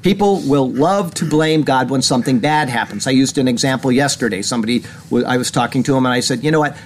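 A man's voice: fast talker, slight background noise. A male pastor giving earnest sermon commentary in a small church, reading news items and pressing his points with mounting indignation. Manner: earnest, rising in pitch when indignant. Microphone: camera.

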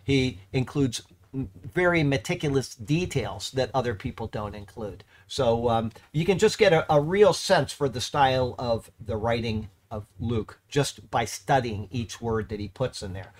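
A man teaching verse by verse through a Bible letter, halting and correcting himself, then pressing points with emphasis. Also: mid-range voice, expressive.

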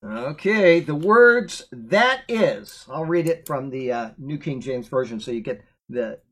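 A man's voice: mid-range voice, animated, unhurried, a bit bright, breathy edge. A man teaching through a Bible verse, earnest and emphatic, reading a commentary aloud and breaking off for plain asides.

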